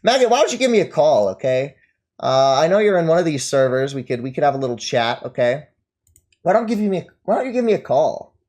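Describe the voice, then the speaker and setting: Male streamer, mocking and scornful, bouncing pitch, frequent derisive laughs. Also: very animated, brisk, darkish tone. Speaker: streamer reacting to chat. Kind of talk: livestream commentary.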